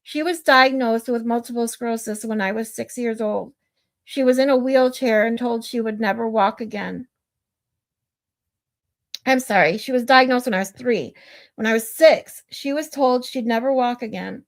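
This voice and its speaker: At a moderate pace and a little high in pitch, a middle-aged woman chats casually with viewers as a livestream host. She wanders off on tangents, reads their comments and laughs often.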